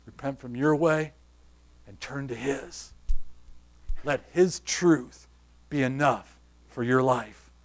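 A man preaching a sermon, pressing his listeners with repeated rhetorical questions and sinking to a soft, quiet close. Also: medium pitch, takes it slowly, long pauses.

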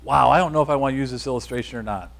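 A man's voice: mid-range voice, rapid-fire, gravelly. A man preaching a sermon, building emphatic repeated declarations and leading the congregation to say lines back. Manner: emphatic repetitive declarations, leads congregation call-and-response.

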